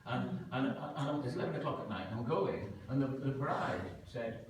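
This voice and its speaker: A man telling a story live, dramatic and animated, acting out the voices he quotes. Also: mid-range voice, normal speed, slight background noise. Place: large museum hall. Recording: echoey hall, heard from a distance.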